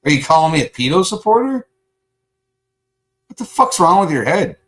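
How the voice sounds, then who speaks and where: A man's voice: on the high side, very animated, moderate pace, fairly bright tone. Pissed off guy on a late night stream, swearing at chat, sarcastic. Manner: angry, profane, confrontational. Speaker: livestream host. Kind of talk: live stream chat rant.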